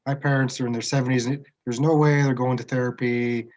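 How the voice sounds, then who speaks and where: Middle-aged canadian guy, thoughtful, keeps restarting sentences, even mid voice. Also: mid-range voice, normal speed, rough recording. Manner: reflective, restarts often, speaks frankly. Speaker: guest sharing his autism diagnosis. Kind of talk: casual conversation.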